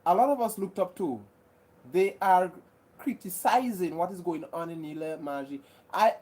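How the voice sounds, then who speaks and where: A woman's voice: on the low side, darkish tone, husky. A woman from Grenada hosting a live chat, reading viewer comments and talking earnestly with many repeats and restarts. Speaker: livestream host.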